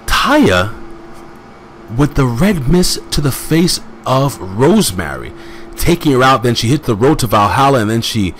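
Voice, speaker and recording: A man casually recapping a wrestling show as host, rambling with excitable asides and plenty of fillers. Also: mid-range voice, a little slow, a little hiss or hum.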